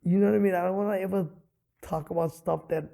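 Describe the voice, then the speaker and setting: A middle-aged man from Hawaii, a comedian telling stories in an animated way with many fillers, on a studio podcast mic. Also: high voice, quick pace, gravelly. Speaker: comedian and guest. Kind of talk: casual interview storytelling.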